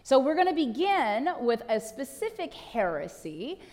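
A woman's voice: high voice, big pitch swings, a little slow, darkish tone. A woman pastor preaching a conversational sermon, asking rhetorical questions and making wry asides. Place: church sanctuary. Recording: long reverb of a church hall.

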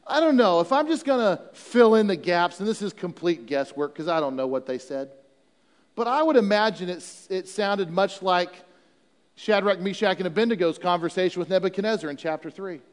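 High-voiced pastor in a reverberant hall. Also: male voice, lively intonation, normal speed. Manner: conversational, humorous asides. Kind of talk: sermon.

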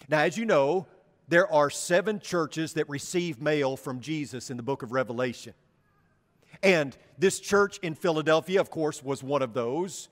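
In a reverberant hall, a pastor delivers a sermon in a conversational style, asking the congregation questions. His voice is fairly high and moderately paced.

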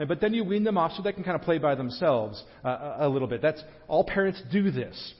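High-voiced man preaching in a reverberant hall. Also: animated. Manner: conversational, with joking asides and quick restarts. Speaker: pastor. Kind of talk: sermon. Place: church sanctuary. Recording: dull lo-fi sound with a long hall reverb.

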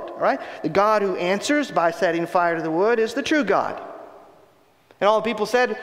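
A man preaching a sermon, retelling a scripture story in a conversational, animated way. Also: high voice, normal speed. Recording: long hall reverb.

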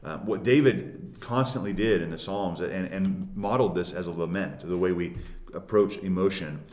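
A man's voice: low voice, normal speed, a little mellow. A man co-hosting a casual Christian discussion, speaking earnestly and emphatically, voicing scripture quotes with rising force. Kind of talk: casual chat about scripture. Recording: roomy echo.

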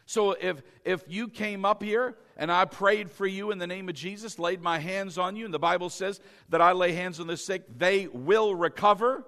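Male pastor, high bright voice, fervent sermon delivery with big swings in volume. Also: fairly even intonation, moderate pace, hardly any pauses. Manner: fervent, swings from soft to shouting.

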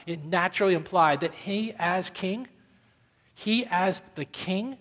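Man, pastor, sermon, emphatic preaching, high voice, long church reverb. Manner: emphatic preaching, building in force and dropping low on key words. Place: church sanctuary.

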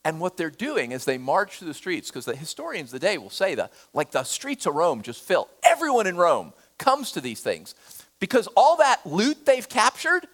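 A man preaching a sermon, swinging between loud emphatic lines and hushed, dramatic ones. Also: high-pitched, wildly swooping pitch, normal speed. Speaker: pastor.

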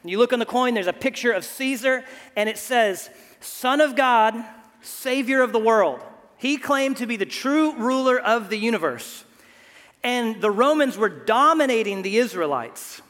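A man's voice: extremely high pitch, lively intonation, moderate pace, fairly bright tone, long reverb tail. A man preaching a sermon as a pastor, in a conversational way that often repeats words at the start of a phrase.

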